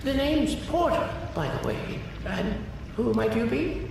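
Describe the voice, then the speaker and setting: An actor playing a polite, whimsical male game character with a gentle, soft-spoken manner. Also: very high-pitched, wildly swooping pitch, measured pace, creaky, full character voice. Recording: very echoey, distant, noisy game audio.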